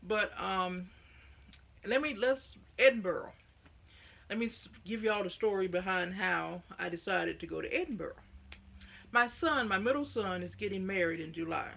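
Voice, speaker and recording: A woman's voice: medium pitch, moderate pace, creaky, fairly bright tone. A middle-aged woman with a Southern US accent, chatting to camera in a folksy, rambling way on her own vlog. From United States. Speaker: vlogger. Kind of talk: casual chat to camera.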